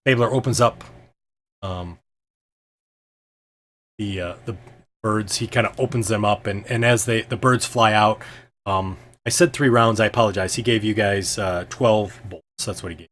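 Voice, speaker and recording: Husky-voiced game master. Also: male voice, fairly low pitch, a little slow, long pauses, fairly bright tone. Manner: casual, filler-heavy narration. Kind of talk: narrating a tabletop game.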